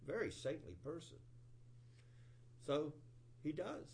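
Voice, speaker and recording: A man giving a sermon, retelling an old scripture story in an animated storytelling voice with rising emphasis. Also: fairly high pitch, slow pace, slight background noise. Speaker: preacher.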